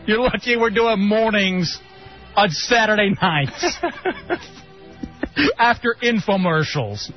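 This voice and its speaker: A man's voice: sits high, takes it slowly, long pauses. A man co-hosting a radio talk show, mockingly reading aloud a promo sheet about the show. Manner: animated, mocking, reads aloud with sarcasm. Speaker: radio co-host. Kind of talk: casual radio banter. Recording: lo-fi radio broadcast with faint music.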